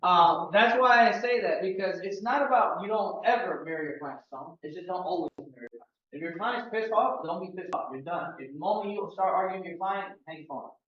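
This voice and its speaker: A man's voice: sits high, brisk, hardly any pauses. A man from Miami leading a sales team training, casual and joking with the room. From Miami, United States. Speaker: real estate sales trainer. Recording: roomy, distant, dull meeting-room audio.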